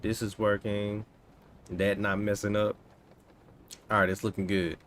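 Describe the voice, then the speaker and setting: A man in his thirties casually chatting to himself and his viewers while coding, relaxed and slangy. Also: on the low side. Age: 30s. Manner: laid-back, talks to himself, drawn-out slangy asides. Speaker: coding streamer. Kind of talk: casual live-stream chat while coding.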